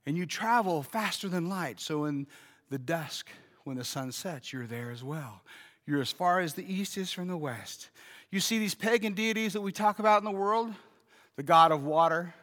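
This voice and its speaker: A man preaching a sermon as pastor, moving between quiet, slow explanation and emphatic, shouted declarations. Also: high voice, animated, big-room sound.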